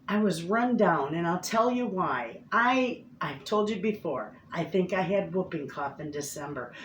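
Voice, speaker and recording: A woman's voice: fairly low pitch, reverberant, a little hiss or hum, poor audio. A woman homestead vlogger chatting casually to the camera from her home, calling her viewers friends. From Michigan, USA.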